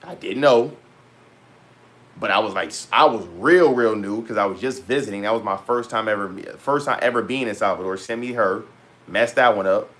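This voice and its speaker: A man talking casually to his viewers as a vlogger, loose and rambling with slang and frequent pauses. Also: on the low side, a bit bright. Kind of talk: casual talk to camera.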